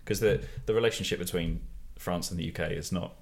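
Male podcast host, very low voice, rambling self-mocking chat. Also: brisk. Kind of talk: casual chat.

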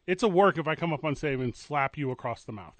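A man's voice: fairly high pitch, animated, quick pace, dry recording. A man hosting a casual comedy podcast, joking and taking calls. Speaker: host.

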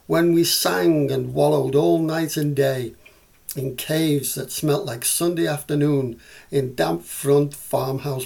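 A man's voice: fairly high pitch, vocal fry, a little mellow. A man with a Scouse accent reading the part of a curious small boy who questions his older self.

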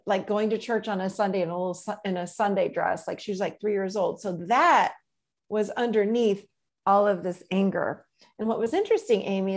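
Middle-aged lady coach, gentle storytelling, lots of "you know", mid pitch. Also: gravelly. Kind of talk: casual interview chat.

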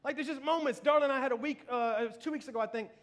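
Racing through his church sermon in a very high voice, a pastor in his thirties chats easily and makes fun of himself. Laughter comes often, along with his habitual "you know what I mean."

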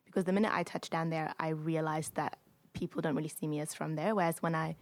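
A woman from Germany talks through her experiences in a podcast chat. Her voice sits a little low with a gravelly rasp. She brings her stories to life by acting out the dialogue. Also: fast, dry recording. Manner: animated storyteller, acts out quoted exchanges. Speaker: podcast co-host. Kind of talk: casual discussion.

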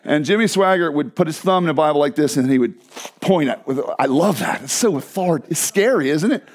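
Lively, chatty male pastor preaching. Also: fairly high pitch, fast. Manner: animated, conversational, with asides to the congregation. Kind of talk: sermon. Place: church sanctuary.

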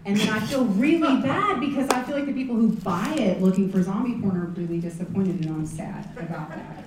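A woman's voice: medium pitch, fairly quick, a crowd in the background. A woman author talking about her books at a convention panel, wry and self-deprecating. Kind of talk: casual panel chat. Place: large convention panel room. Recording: echoey room, distant mic, faint noise.

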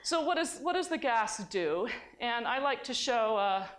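A woman's voice: fairly high pitch, expressive, unhurried. A woman giving a university science lecture in a conversational way, often restarting her sentences. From United States.

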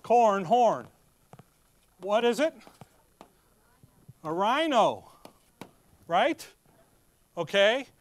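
A middle-aged man preaching a sermon in a folksy, animated way, reading scripture slowly and loudly between casual asides. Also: high voice.

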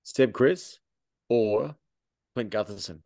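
A man co-hosting a casual sports podcast, talking in an animated way. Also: lowish voice, slow, vocal fry, no echo, clean studio sound. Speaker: podcast co-host.

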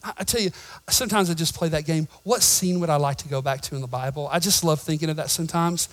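A man preaching a sermon in a church, swinging between shouted emphasis and quiet asides and joking with the congregation. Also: a little high, quick pace, rough recording. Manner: jokes with the congregation. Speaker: pastor.

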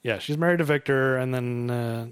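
A man's voice: medium pitch, normal speed, clean tone, no echo. A man co-hosting a casual movie discussion, chatty and amused, often restarting his sentences. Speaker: podcast co-host. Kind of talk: casual movie commentary chat.

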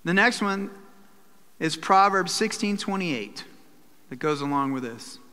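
A man preaches to his church in a high, bright voice, and the sound rings in a hall with a long echo. He breaks into little acted asides and quoted voices as he teaches. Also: expressive, measured pace. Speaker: pastor. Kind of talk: sermon.

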